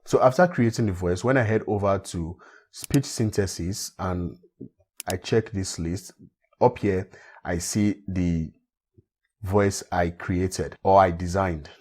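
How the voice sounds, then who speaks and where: Male tutorial host, husky tone, patient step-by-step explainer. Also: sits low, slow pace. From Africa. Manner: steady step-by-step walkthrough, repeats phrases. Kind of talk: screen-recorded software tutorial.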